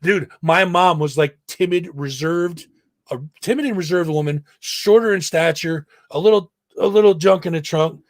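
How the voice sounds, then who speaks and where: A man's voice: fairly high pitch, normal speed, no echo. A man hosting a podcast, casually telling a story and acting out the people in it with plenty of swearing. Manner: profane, animated storyteller, acts out quotes. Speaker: podcast host. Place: home studio. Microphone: own mic, mutes it to vape.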